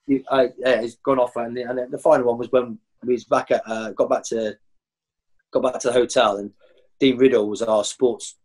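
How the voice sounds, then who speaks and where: A man, a former professional footballer, telling rowdy stories as a guest and jumping high in pitch when he acts out other people. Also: moderate pace. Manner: animated, jumps high when acting out others. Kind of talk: anecdotal storytelling.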